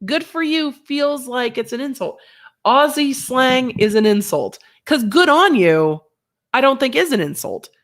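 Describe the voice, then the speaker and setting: Slightly under the weather with a sinus infection, this livestream host keeps things casual, chatting animatedly and reading out comments from her chat. Her voice sits high and her pace is a little slow.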